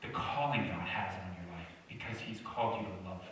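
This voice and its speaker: A man's voice: low-pitched, fairly quick, fairly bright tone, slight background noise. A young man preaching a sermon in a joking, conversational way, drawing replies from the congregation. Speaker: pastor. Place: church sanctuary. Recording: echoey church hall from far off.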